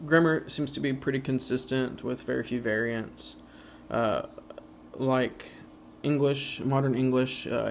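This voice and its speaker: A man talks through a slideshow in a level, flat voice, stopping often on uh and um. He slows down to spell out the sounds of example words. A faint hiss of background noise sits under the recording. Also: mid-range voice, vocal fry. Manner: halting, many uh and um fillers. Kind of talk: informal slideshow presentation.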